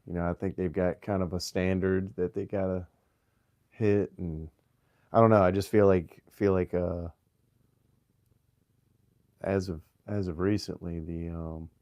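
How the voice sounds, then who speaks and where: Man, deep low voice, mild Virginian Southern accent, casual livestream chat, halting restarts, dry close sound. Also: no room sound, dull audio. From Virginia, USA. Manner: relaxed, halting, frequent restarts and throat clearing. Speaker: livestream host.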